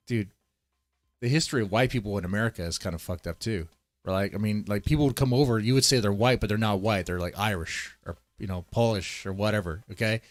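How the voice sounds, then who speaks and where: A man's voice: on the low side, no echo. A man streaming live, rambling through casual, profane commentary and talking straight to his chat. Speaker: streamer reacting to a video.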